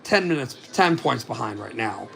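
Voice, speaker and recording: Gravelly man calling hockey play-by-play. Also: medium pitch, animated, fairly bright tone, soft background music. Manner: rapid running commentary with asides on other scores. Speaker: fan play-by-play commentator. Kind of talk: amateur hockey play-by-play simulcast.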